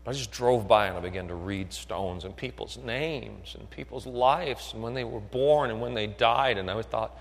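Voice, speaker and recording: A man's voice: on the low side, moderate pace, creaky, hardly any pauses. A man preaching a sermon who keeps asking his listeners whether they are still with him. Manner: builds from quiet talk to shouted fervor. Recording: long echo of a hall.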